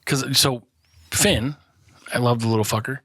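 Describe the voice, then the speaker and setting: A man with a husky, mid-pitched voice banters on a casual podcast, peppering every story with curses and bursts of laughter. He rambles from one tangent to the next. The sound is dry and close. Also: fairly even intonation, measured pace, a bit bright, no room sound. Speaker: podcast co-host.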